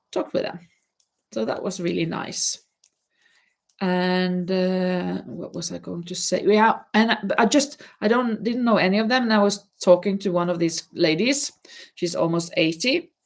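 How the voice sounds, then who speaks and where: A woman's voice: mid-range voice, vocal fry. A woman hosting a casual livestream, chatting to viewers while she knits, talking in a rambling, hesitant way and often restarting her words. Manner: chatty, addresses viewers directly. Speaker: livestream host.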